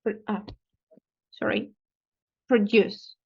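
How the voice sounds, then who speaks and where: Slow, careful Ukrainian-accented woman. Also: mid-range voice, steady tone, gravelly, slightly rough, highs cut off. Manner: careful, repeats words one by one. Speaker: student. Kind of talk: repeating words in a pronunciation lesson.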